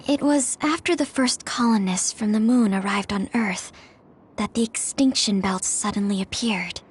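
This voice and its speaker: An actress playing a gentle, kind-hearted young woman with a breathy voice who speaks hesitantly in a game cutscene. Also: medium pitch, normal speed. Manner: hesitant, apologetic.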